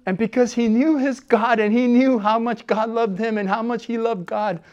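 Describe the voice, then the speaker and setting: A man preaching a sermon as a pastor. He talks conversationally with fillers, and swings between loud, emphatic preaching and soft, low asides. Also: steady tone, normal speed, lo-fi sound. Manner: conversational, with fillers and self-corrections.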